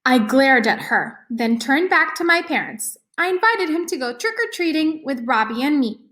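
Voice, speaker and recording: A woman reading a children's chapter book aloud, with lively asides to listeners. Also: sits high, normal speed. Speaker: reader.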